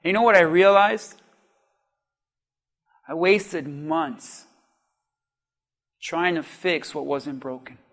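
A man preaching a sermon, telling a lively personal story and asking the congregation questions. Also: fairly high pitch, slow, pauses often. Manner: animated storytelling with audience questions.

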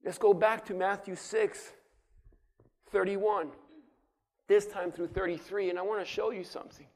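A man with a very high voice preaches a rousing sermon from the pulpit. He stirs up his congregation and keeps asking them to answer him back. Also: fairly even intonation, normal speed, a little mellow. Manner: rousing, calls on the congregation to respond. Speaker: pastor.

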